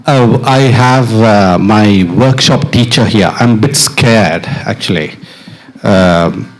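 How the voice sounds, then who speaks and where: A middle-aged percussionist on stage with a mic, playfully coaching an audience to chant rhythm syllables. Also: male voice, on the low side, slow pace, slight background noise. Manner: playful, encouraging, laughs often. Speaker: percussionist leading an audience exercise. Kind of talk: live stage talk with audience participation. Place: stage of a live dance performance.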